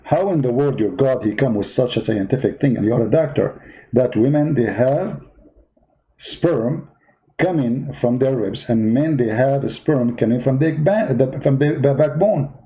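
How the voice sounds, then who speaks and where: A man's voice: medium pitch, normal speed, dark tone, poor audio. A man hosting a parody debate, asking sarcastic, mock-innocent questions. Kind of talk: comedy skit.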